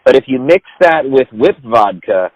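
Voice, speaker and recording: Relaxed man in dry, close sound. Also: mid-range voice, moderate pace, no echo, dull audio. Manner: relaxed, teasing banter. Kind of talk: casual chat.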